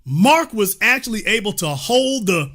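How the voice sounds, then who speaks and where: A man with a bright, forward voice hosts a reaction commentary. His pitch swings widely as he mocks and needles the clips he plays. He keeps turning to his viewers with rhetorical questions. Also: sing-song, measured pace. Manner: mocking, rhetorical, talks straight to viewers. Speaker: commentary host.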